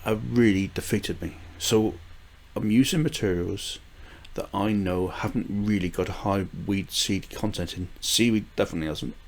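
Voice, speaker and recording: This gardening vlog features an older man from the UK speaking at normal speed in a voice on the low side. He rambles casually, often using fillers, restarting sentences and chuckling softly.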